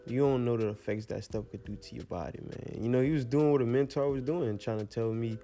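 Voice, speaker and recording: A teenage young man casually telling a rambling storytime, full of slang and animated asides. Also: medium pitch, fairly quick, soft background music. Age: teens.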